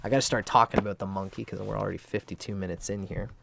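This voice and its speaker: A man's voice: on the low side, steady tone, rapid-fire, creaky, noisy background. A man hosting an astrology livestream, talking casually and rambling, with casual swearing. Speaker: astrology channel host.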